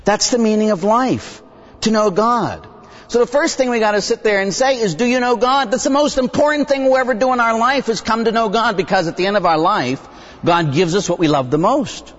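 A middle-aged man, a Catholic priest, preaching a lively sermon and acting out dialogue with young people in different voices. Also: a little fast. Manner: animated, acts out dialogue with kids, bursts into high excited voices. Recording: dull sound with long hall reverb.

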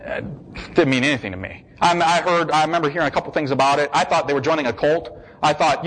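An American man giving a personal testimony in a lively storytelling manner. He acts out the voices of the people he quotes and repeats words for emphasis. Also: fairly high pitch, quick pace, low-quality recording. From United States. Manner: emphatic repetition.

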